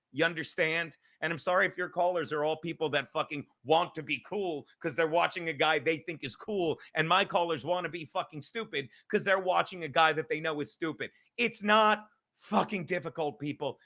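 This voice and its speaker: A middle-aged man hosting his own show, ranting in a loud, profane, excitable comedic monologue. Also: a little high. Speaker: podcast host.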